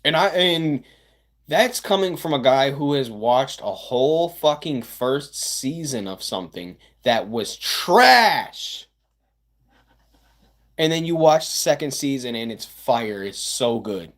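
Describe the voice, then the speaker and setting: A man's voice: medium pitch, lively intonation, slow pace, fairly bright tone. A man, chatting casually with livestream viewers, rambling with stammers and sarcastic asides.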